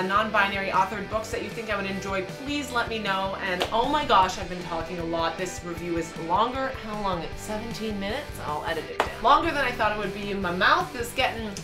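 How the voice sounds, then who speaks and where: A woman's voice: medium pitch, fairly quick, few pauses, over music. A young woman reviewing a book in a casual, emphatic and exasperated vlog rant.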